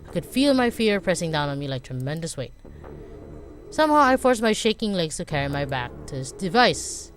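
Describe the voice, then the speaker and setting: A woman's voice: fairly low pitch, very animated, brisk, soft background music. A woman reading a game's first-person narration as a frightened, desperate young woman. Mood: terrified. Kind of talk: game text read aloud.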